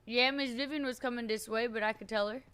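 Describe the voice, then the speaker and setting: A woman's voice: a little high, steady tone, quick pace, fairly bright tone, smooth, natural voice. A woman roleplaying a blunt, playful frontier woman, talking in a drawling rural dialect with a teasing edge. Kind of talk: in-character roleplay.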